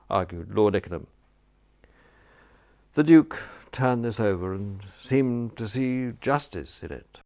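A man with a lowish voice narrates a story in an understated way. He keeps his narration quiet and steady between the character lines. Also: slow pace, long pauses. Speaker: audiobook narrator. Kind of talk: scripted narration.

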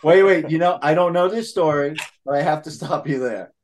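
A man's voice: on the high side, a little fast, slight background noise. A man hosting a casual chat, cutting in to react and laughing.

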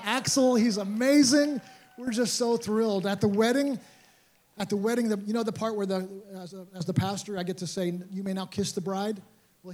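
Older male pastor, high-pitched, earnest emotional sermon storytelling. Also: a little mellow. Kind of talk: sermon testimony.

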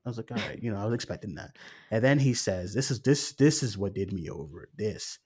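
A man's voice: on the low side, lively intonation, fairly quick, darkish tone, breathy edge. A young man co-hosting a film review podcast, telling a story animatedly, swearing freely and acting out his own reactions. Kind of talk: casual chat.

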